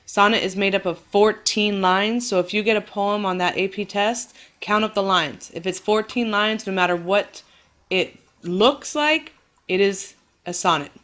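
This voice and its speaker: A woman teacher giving a recorded lecture, explaining patiently and clearly and reassuring her students, exaggerating the stress on words when she demonstrates rhythm. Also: mid-range voice, unhurried, a bit bright.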